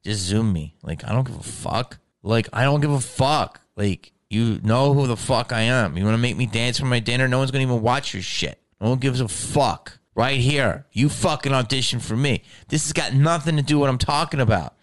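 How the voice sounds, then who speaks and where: A middle-aged man and actor ranting in casual talk, swearing constantly and sounding exasperated, his voice climbing higher as he gets riled up. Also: brisk, few pauses. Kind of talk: profane casual rant.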